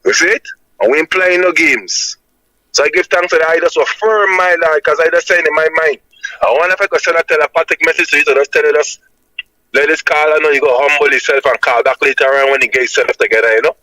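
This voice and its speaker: A Jamaican man with a high, bright, forceful voice reasons like a preacher, driving each point home with insistent emphasis. The sound is dry and close, with no room around him. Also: fairly even intonation, fast talker, no room sound, poor audio. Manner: emphatic and insistent, repeating "my lad" as a tag.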